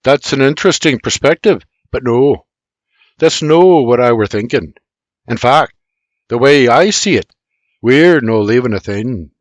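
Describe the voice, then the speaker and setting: A man voicing a hearty, patient uncle who talks loudly and emphatically in an audiobook. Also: mid-range voice, lively intonation, unhurried, no room sound, natural voice. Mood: gently correcting.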